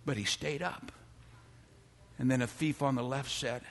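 An older man preaching a dramatic sermon in church, dropping to hushed tones and building to loud calls for praise. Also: mid-range voice, fairly even intonation, a little slow, pauses often, long reverb tail. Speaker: pastor.

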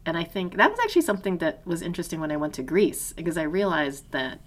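A woman's voice: lowish voice, sing-song, fast. A woman co-hosting a podcast in casual conversation, thoughtful and hesitant, restarting sentences and laughing often. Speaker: podcast co-host.

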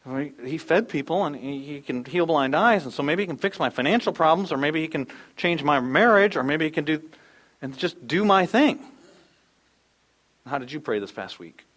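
Male pastor in his thirties, slightly high voice, relaxed storytelling sermon that acts out the quotes. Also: normal speed. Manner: conversational storytelling, acting out quotes.

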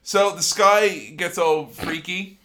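A man's voice: high voice, slow pace, pushed and bright. A young man co-hosting a casual film-recap chat, jokey and sarcastic, laughing often as he talks. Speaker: podcast co-host.

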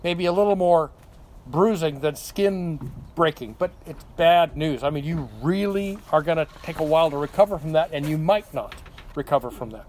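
Older guy preaching, fairly high voice, chatty, keeps saying okay?. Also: animated, moderate pace, darkish tone, a little hiss or hum. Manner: conversational, frequent "okay?" check-ins and self-corrections. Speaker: pastor. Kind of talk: sermon Bible teaching.

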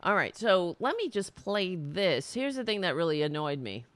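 A person streaming political commentary from home into a desk mic, ranting in an animated, sarcastic way with many restarts. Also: mid-range voice, moderate pace. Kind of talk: ranting casual commentary to camera. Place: home in New York. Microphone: desk mic with webcam.

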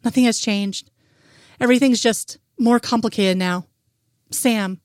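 A woman's voice: on the high side, measured pace, no room sound, studio quality, natural voice. A woman voicing Scully, a grieving woman with a small, frightened voice.

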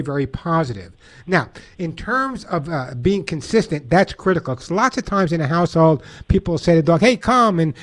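Brief: lively New York-accented male radio host, slightly high voice, talks listeners through dog training. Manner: animated, acts out dog commands. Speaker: radio host and pet behaviorist. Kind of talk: call-in radio advice.

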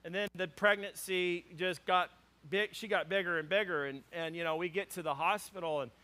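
A man preaching to a church congregation, with a high voice and a bright, forceful edge. He moves between teaching and animated, funny storytelling. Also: normal speed. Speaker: pastor. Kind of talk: sermon.

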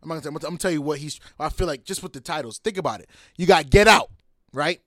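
A man's voice: a little high, fast, a bit bright, dry recording, clean studio sound. A man from Boston, a comedian, chatting loosely as a guest on a podcast, laughing often between his words. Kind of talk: casual podcast chat. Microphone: studio mic.

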